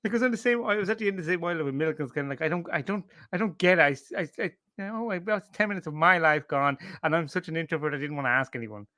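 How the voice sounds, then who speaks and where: Man, from Ireland, podcast co-host, casual chat, animated ranting, swears a lot, slightly high voice, dry close sound. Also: rapid-fire, hardly any pauses, no room sound. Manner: animated, swearing, self-mocking.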